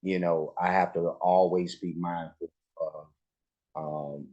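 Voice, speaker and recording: A man's voice: sits low, flat delivery, slow, darkish tone, muffled recording. A man casually reacting to a live music video, talking in a laid-back way with lots of fillers and restarts.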